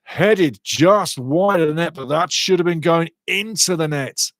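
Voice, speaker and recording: Passionate male fan commentator, higher voice, dry close mic, gets heated fast. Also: a bit bright, dry recording. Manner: passionate, gets fired up over fouls; chats with viewers' comments. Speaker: watchalong commentator. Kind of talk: live fan match commentary.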